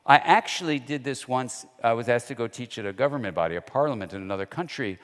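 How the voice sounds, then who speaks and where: A man's voice: medium pitch, fast. A man giving a lecture in a conversational, storytelling way. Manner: conversational storyteller, acts out quoted dialogue. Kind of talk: lecture with anecdotes. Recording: long hall reverb.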